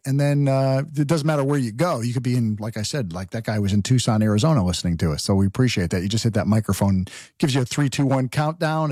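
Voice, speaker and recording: A man's voice: mid-range voice, a little mellow, dry recording, clean studio sound. A man hosting a talk radio show, delivering a political monologue with rhetorical questions and frequent restarts.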